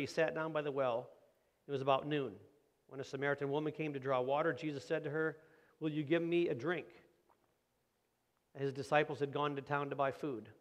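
Man, middle-aged, pastor, conversational sermon, gravelly, rhetorical questions. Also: fairly high pitch. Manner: acts out quoted voices of kids and parents.

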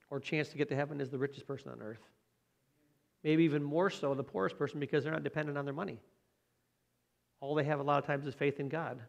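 A man's voice: mid-range voice, creaky. A man preaching a conversational sermon, often asking rhetorical tag questions.

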